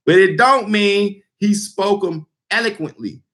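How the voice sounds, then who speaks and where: A man's voice: high-pitched, unhurried, a bit bright. A man giving an informal scripture teaching, talking loosely and bluntly with lots of fillers and repeated words. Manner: blunt and emphatic. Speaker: street preacher.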